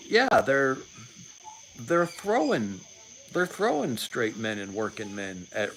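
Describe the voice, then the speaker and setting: A man's voice: lowish voice, a bit bright, poor audio. Man in his late 40s, livestream host, rambling commentary, stop-start phrasing, faint background hiss. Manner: rambling, repeats words and restarts, sarcastic asides. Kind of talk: casual political commentary.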